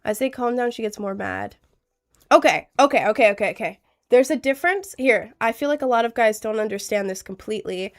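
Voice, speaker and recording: A woman's voice: a little high, animated, a little fast. A young adult woman streamer, chatting casually and earnestly giving relationship advice to her chat, with lots of fillers.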